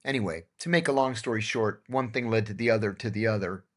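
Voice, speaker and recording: A man's voice: on the low side, fast, fairly bright tone. Middle-aged man telling stories. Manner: anecdotal, acts out dialogue in his tales. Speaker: podcast host. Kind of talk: casual storytelling on a podcast.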